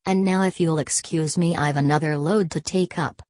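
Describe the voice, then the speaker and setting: Brief: woman playing a cheery male liftman, breezy, low voice, storybook. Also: steady tone, normal speed, darkish tone, no room sound, studio quality, close to an everyday voice. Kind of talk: storybook reading.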